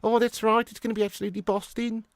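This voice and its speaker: A man's voice: high-pitched, flat delivery, quick pace, vocal fry, smooth, no echo, pitched above the performer's own voice. A man putting on a mock Birmingham accent, playing a chummy lad with a sing-song drawl.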